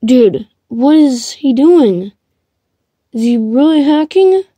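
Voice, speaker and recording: Woman gamer, high and lively voice, dry close mic, slow puzzled commentary. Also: slightly rough, no echo. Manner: excitable, shrieks and laughs when chased. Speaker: gamer streaming live play. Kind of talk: reactive gameplay commentary.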